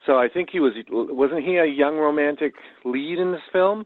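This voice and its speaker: A man's voice: on the high side, moderate pace. A man chats conversationally about old films, telling stories with easy asides. His voice comes over a tinny, phone-like line. The sound is completely dry, with no room echo. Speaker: podcast co-host. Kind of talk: casual chat about films.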